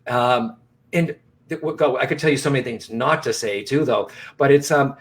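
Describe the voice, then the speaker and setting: A man's voice: medium pitch, normal speed. Earnest man reassuring his viewers. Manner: frequent restarts and repeated phrases. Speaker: psychic medium and co-host. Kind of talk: live broadcast conversation.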